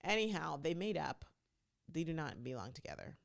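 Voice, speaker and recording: A woman's voice: sits low, animated, normal speed, vocal fry. A woman hosting her own podcast, chatting casually and emphatically as she recaps reality TV and speaks straight to her listeners. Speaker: podcast host.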